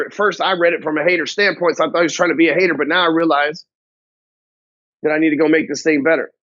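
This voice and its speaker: Guy with a kinda high voice ranting about business, cusses a lot, dull dry audio. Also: fairly even intonation, fast talker, fairly bright tone, no room sound. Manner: blunt, heavy swearing, slangy grammar. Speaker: business coach. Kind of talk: profane motivational talk to camera.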